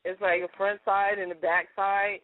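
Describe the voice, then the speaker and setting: A woman's voice: mid-range voice, flat delivery, dry recording. A woman co-hosting a casual radio chat, calling in from her car and talking in an indignant, ranting way. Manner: indignant, ranting, talks fast. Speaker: co-host. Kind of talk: casual radio chat, reading a letter aloud. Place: in a parked car. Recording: tinny dry phone line.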